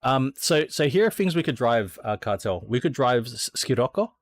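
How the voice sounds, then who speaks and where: A man's voice: medium pitch, animated, moderate pace, no room sound. Laid-back Australian man, cussing casually. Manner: laid-back, thinks aloud, swears freely. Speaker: sim racing streamer. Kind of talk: casual gameplay chat.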